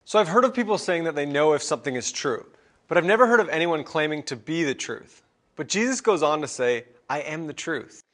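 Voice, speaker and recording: A man co-presenting a scripted video lesson in an animated, playful way. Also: fairly high pitch, brisk.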